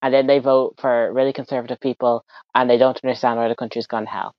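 Man, sarcastic ranting chat, dry lo-fi sound, middle pitch. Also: flat delivery, fast talker, dry recording. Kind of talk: casual chat.

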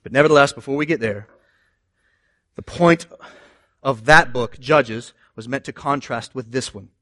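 A man preaching a sermon in an animated way, moving between loud emphasis and quiet asides. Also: mid-range voice, dry recording, studio quality. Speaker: pastor.

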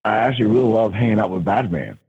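Brief: easygoing male caller with a husky low voice, heard down a phone line. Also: expressive, quick pace, a little mellow. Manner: laid-back, joking. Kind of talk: phone-in chat. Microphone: telephone.

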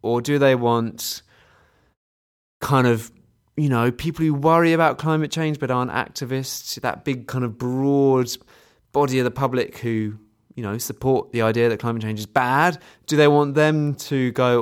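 A man's voice: mid-range voice, fairly even intonation, moderate pace, smooth. A man co-hosting a podcast, talking things through in a thoughtful, hesitant way. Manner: thoughtful, hesitant, restarts often. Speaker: podcast co-host. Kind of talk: casual chat.

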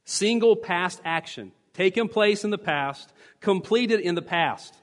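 A man with a fairly high voice preaches to his congregation, stressing each point and repeating phrases for emphasis. His voice rings out with a long reverb from the church sanctuary. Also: animated, a little slow. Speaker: pastor. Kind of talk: sermon.

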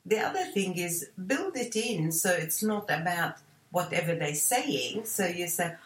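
Lower-voiced woman in an echoey room. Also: big pitch swings, recorded from a distance. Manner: measured, reassuring, gives example scenarios. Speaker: co-host. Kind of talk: advice talk show discussion.

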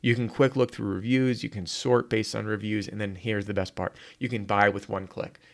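Punchy lower-voiced man giving marketing advice. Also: moderate pace, vocal fry. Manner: energetic, punchy, repeats words when restarting. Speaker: marketing podcast host. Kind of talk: solo talk to camera.

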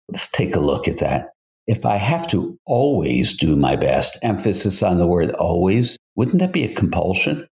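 An older man, a psychotherapist hosting a podcast, talking in an earnest, measured way and putting questions to the listener. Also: low voice, gravelly. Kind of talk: reflective solo podcast talk.

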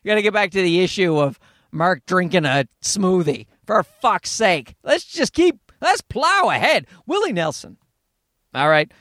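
A man's voice: high-pitched, sing-song, measured pace, fairly bright tone, no echo, clean studio sound. A man hosting a solo podcast, ranting in a rambling, profane, sarcastic way. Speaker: podcast host.

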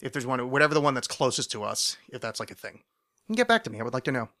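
Male podcast host, bright tone, mid-range pitch; rambling, swears freely, pokes fun at himself. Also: very animated, very fast. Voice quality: rambling, profane, self-deprecating. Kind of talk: casual solo podcast monologue.

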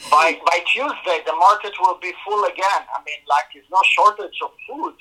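Bright-voiced, halting man guest. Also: sits high, expressive, poor audio. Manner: halting, broken phrasing, confident claims. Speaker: guest doctor. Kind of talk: casual interview chat.

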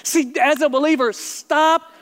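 A man's voice: extremely high pitch, fairly even intonation, unhurried, fairly bright tone. A male pastor preaching a sermon to his congregation with passion, stressing words and repeating phrases to drive them home. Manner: impassioned, emphatic, repeats phrases, speaks straight to the congregation. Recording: long hall reverb.

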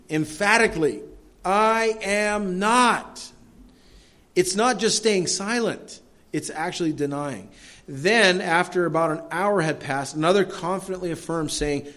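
Conversational male pastor preaching. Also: fairly high pitch. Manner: conversational preaching, many restarts and tag questions; swings from quiet asides to raised emphatic passages. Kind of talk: sermon. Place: church.

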